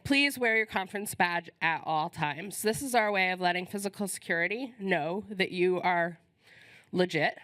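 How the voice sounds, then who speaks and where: A woman's voice: fairly low pitch, normal speed, a bit bright. A woman hosting a conference, giving friendly, informal welcome announcements with many ums while she is losing her voice, on a stage microphone in a conference hall. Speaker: conference host.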